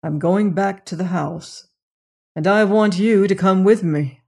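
A man's voice: sits high, measured pace, creaky, heavily acted. A narrator voicing a weary, worried doctor and father who speaks firmly and wearily in an audiobook mystery. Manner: weary, firm, hushed. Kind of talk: audiobook reading of a mystery novel.

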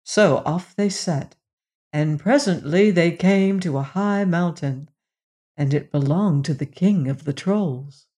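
A storyteller reads a fairy tale at an unhurried, measured pace. The voice sits at a middling pitch and stays gently expressive. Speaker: narrator.

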